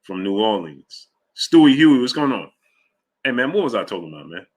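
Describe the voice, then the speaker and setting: A man hosting a casual boxing livestream, rambling loosely between fan shout-outs and fight talk. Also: medium pitch, big pitch swings, a little fast. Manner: loose, rambling, drifts off track. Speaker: host of a live boxing show. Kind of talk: casual livestream chat reading super chats.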